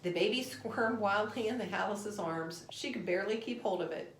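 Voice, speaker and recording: A woman reading a children's storybook aloud in an expressive, animated way. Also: medium pitch, normal speed, slight background noise. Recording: roomy echo.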